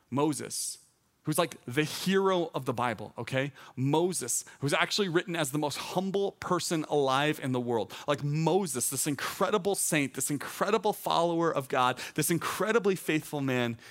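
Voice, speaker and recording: A man, a teaching pastor, preaching a sermon in an earnest, conversational way, repeating phrases for emphasis. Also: fairly high pitch.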